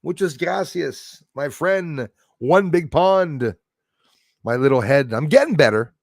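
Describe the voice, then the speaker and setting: A man's voice: fairly high pitch, big pitch swings, a little slow, no room sound, studio quality. A man hosting a casual livestream, chatting with viewers by name and often stumbling over his words. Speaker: livestream host reading chat.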